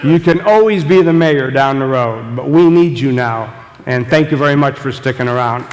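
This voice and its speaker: A man's voice: mid-range voice, expressive, normal speed. An older man giving a jokey, audience-engaging business talk as guest speaker at a meeting. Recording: long echoey hall reverb.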